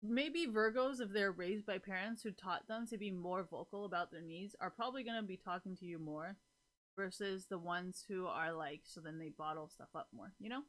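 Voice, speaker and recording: Woman, bright tense voice, casual streamer chat, rambling, swearing, lots of fillers. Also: medium pitch, normal speed. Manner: rambling, swears freely, many fillers, laughs often. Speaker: live streamer chatting with viewers.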